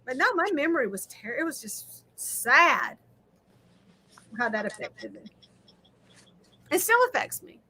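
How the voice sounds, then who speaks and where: High, bright-voiced chatty woman host. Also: sing-song, measured pace, long pauses. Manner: loud, talking over audio trouble, chatty. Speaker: livestream host. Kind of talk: casual livestream chat.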